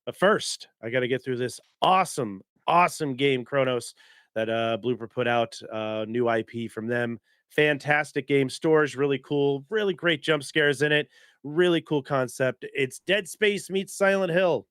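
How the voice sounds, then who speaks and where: A man's voice: medium pitch, normal speed, fairly bright tone, smooth, no room sound, studio quality. A man hosting a casual gaming podcast, upbeat and loose, laughing often as he talks. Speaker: podcast host.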